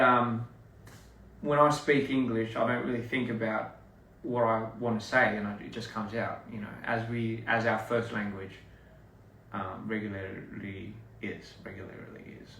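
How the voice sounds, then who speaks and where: A young man chatting casually with viewers on a livestream, relaxed and halting, with lots of fillers and restarts. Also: medium pitch. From Australia. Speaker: livestream host. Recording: roomy echo, distant mic, faint noise.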